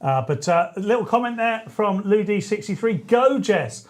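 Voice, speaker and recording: A man's voice: high-pitched, lively intonation, brisk. A man hosting a talk radio show, chatty and rambling, often correcting himself mid-sentence. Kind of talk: casual talk radio chat.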